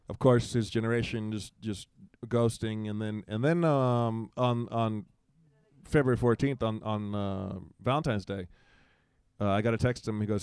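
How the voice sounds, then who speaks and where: A man's voice: on the low side, steady tone, normal speed, darkish tone, clear, resonant tone, no room sound, clean studio sound. A man in his forties, a guest in a casual conversation, telling a personal story and acting out quoted dialogue in livelier voices, with frequent restarts.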